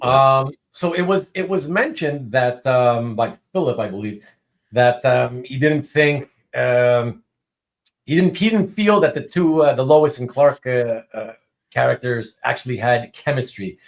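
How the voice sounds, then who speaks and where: A man hosting a casual live-stream chat, reading out viewer comments and talking in halting bursts full of ums and restarts. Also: mid-range voice, lively intonation.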